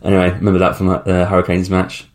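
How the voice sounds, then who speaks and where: A man in his thirties hosts a solo podcast, rambling through travel stories in a chatty way with blunt slang and frequent ums. His voice is low-pitched, monotone, and fast.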